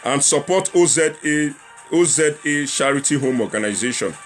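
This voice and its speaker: A man's voice: fairly high pitch, lively intonation, normal speed, faint music behind. A young man with a Nigerian accent hosting a casual livestream talk show, chatting and repeating himself as he appeals to viewers and slips into Pidgin. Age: young adult.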